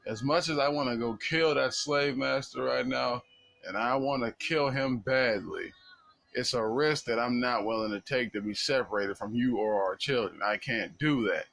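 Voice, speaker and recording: A man's voice: mid-range voice, normal speed, gravelly, fairly bright tone. A man voicing an enslaved husband who firmly explains why he could not fight back. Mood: resolute pleading. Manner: pleading yet resolute. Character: desperate enslaved husband, firm and protective.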